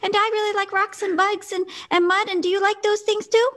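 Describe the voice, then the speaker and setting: A bubbly, very high-pitched little girl druid for a tabletop game. She chatters fast and eagerly, full of childlike excitement. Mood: excited.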